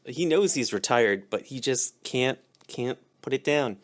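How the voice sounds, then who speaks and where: A man's voice: mid-range voice, expressive, measured pace, very noisy. A man hosting a podcast, chatting casually, teasing guests and giving brief backchannels. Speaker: podcast host. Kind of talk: casual chat. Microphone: remote podcast call.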